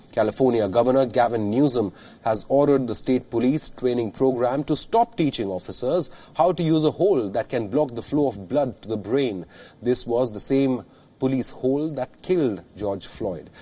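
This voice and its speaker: Mellow-voiced male news narrator. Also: medium pitch, breathy edge. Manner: steady, measured newsreader delivery. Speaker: news reporter.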